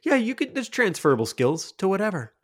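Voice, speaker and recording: A man's voice: high-pitched, sing-song, brisk, slightly rough. A middle-aged man co-hosting a podcast, chatting casually and rambling with many fillers and restarts. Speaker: podcast co-host. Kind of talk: casual chat.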